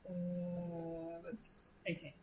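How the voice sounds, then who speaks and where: A woman's voice: on the low side, monotone, mellow, a little hiss or hum. A woman playing a tabletop game, speaking casually and hesitantly. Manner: halting, unsure, casual. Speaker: player.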